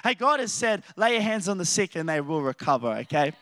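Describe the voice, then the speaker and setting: Young Australian male preacher, high voice, rambling animated storyteller. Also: a little fast, no room sound. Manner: animated, rambling storytelling with many restarts and laughs. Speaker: youth preacher. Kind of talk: casual sermon.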